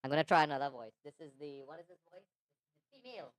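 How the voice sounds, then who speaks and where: A man's voice: a little high, fast, a bit bright, dry recording. Fake lady voice, guy on a voice changer, playful and goofy, dry close sound. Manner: playful, self-mocking. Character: pitched-up female voice.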